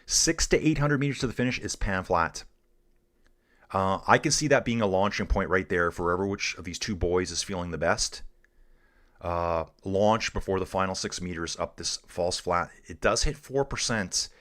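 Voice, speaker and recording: A middle-aged man from Canada hosting a live cycling stream, chatting casually and excitedly with viewers while commenting on the race. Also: low-pitched, moderate pace.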